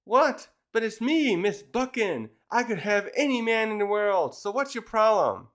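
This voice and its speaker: A man's voice: sits high, sing-song, unhurried, fairly bright tone, voice pushed up, heavily acted. A man putting on a vain flirty woman. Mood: indignant. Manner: indignant, self-admiring.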